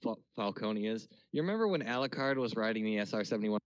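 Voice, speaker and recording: A man's voice: on the low side, lively intonation, fast talker, muffled recording. A man playing a tabletop game, griping in character with mock-pompous banter. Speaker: player.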